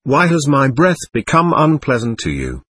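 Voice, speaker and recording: A man's voice: medium pitch, huge pitch swings, normal speed, a bit bright, slightly rough, no echo, heavily acted. A man voicing a rambling, aggrieved mad old mother. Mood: pleading. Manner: rambling, self-pitying complaint. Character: poor mad older mother, plaintive and aggrieved.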